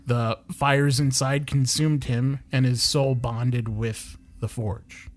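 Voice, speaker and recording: A man's voice: medium pitch, steady tone, slow. Man earnestly telling a legend in character. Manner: earnest storytelling. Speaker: player. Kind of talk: in-character tabletop game play.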